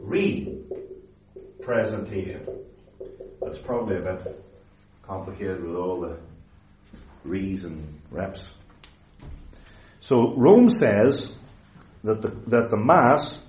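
A man preaching a theological lecture-sermon, emphatic and deliberate, stretching key words and correcting himself as he explains. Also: low voice, lively intonation, darkish tone. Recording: roomy echoey hall.

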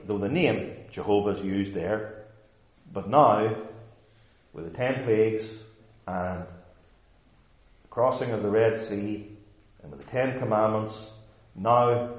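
A man preaching a sermon as pastor, slow and emphatic, building to loud declarations. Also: on the low side, reverberant, dull audio.

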